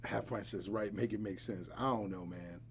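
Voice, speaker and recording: A man's voice: lowish voice, moderate pace, slight background noise. A man hosting a live podcast, chatting casually and bluntly with joking asides. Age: adult, married. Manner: blunt, joking, animated storytelling. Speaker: podcast host.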